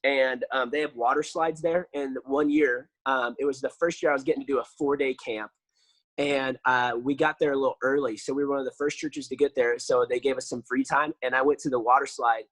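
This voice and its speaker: Husky, animated man telling stories. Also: mid-range voice, fairly quick, dry recording, low-quality recording. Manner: animated storyteller, lots of fillers. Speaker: podcast guest. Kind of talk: casual podcast chat.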